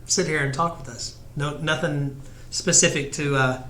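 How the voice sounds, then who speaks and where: Bright-voiced laid-back male podcaster. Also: on the high side, steady tone, normal speed, slight background noise. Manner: easygoing, laughs often. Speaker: podcast co-host. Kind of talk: casual chat. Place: studio. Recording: roomy studio sound.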